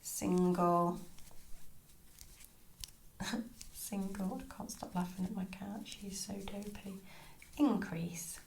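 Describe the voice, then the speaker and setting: A woman teaching crochet step by step, chatty and soft, often murmuring her stitch counts. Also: mid-range voice, steady tone, slow pace, creaky, pauses often, slight background noise. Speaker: crochet tutor. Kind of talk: step-by-step craft tutorial. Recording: echoey room.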